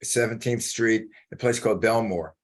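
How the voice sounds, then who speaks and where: Older man, lower voice, halting and hesitant, chatting about old cab days. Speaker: guest, former cab driver. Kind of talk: casual chat.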